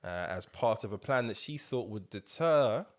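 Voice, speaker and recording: A man's voice: lowish voice, animated, moderate pace. A man co-hosting a podcast in loose, slang-heavy casual chat. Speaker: podcast co-host.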